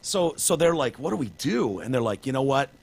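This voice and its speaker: A man's voice: mid-range voice, sing-song, fairly quick, vocal fry, husky. A man co-hosting a casual comedy podcast, telling stories in a jokey way and now and then slipping into silly put-on accents. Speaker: podcast co-host.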